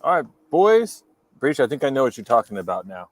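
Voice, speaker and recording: A talkative man with a Dutch accent co-hosts a casual chat over a video call. He fills his sentences with ums, likes and you-knows and jokes easily. His voice sits at a middle pitch for a man. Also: very animated, a little fast, no echo. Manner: chatty, filler-heavy, jokey.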